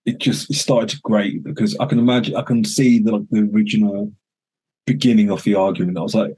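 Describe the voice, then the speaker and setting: A man with a husky, lowish voice chats on a podcast. He talks haltingly and restarts as he goes. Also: fairly even intonation, warm tone, low-quality recording. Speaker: podcast co-host. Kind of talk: casual chat.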